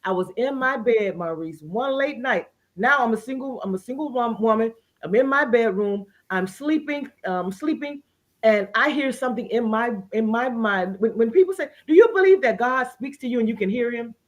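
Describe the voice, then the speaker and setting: A woman's voice: on the high side, animated, normal speed. Earnest woman sharing a personal story. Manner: earnest, emotional testimony with many restarts. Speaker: guest. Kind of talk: casual interview conversation.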